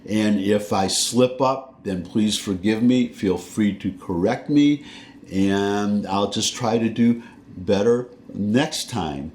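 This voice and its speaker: Slow, low-voiced Southern man vlogging. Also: a little mellow, a little hiss or hum. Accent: Southern American. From American South. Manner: rambling, self-correcting, folksy. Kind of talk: casual talking-head monologue.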